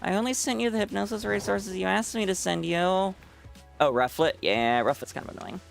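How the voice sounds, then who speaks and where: A man's voice: sits high, a little fast, creaky, faint music behind. A man streaming a game and chatting with viewers, teasing them, swearing freely and laughing often. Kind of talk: casual live-stream chat with viewers.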